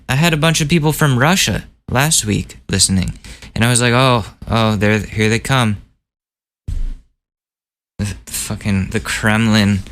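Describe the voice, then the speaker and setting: A man's voice: on the low side, a bit bright. A man hosting a casual news podcast, ranting and joking with plenty of swearing. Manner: ranting, profane, jokey. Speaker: podcast host.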